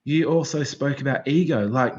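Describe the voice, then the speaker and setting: A man, a podcast guest in casual chat, who swears constantly and rambles excitedly from one thought to the next. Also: medium pitch, moderate pace. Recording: slightly dull lo-fi sound.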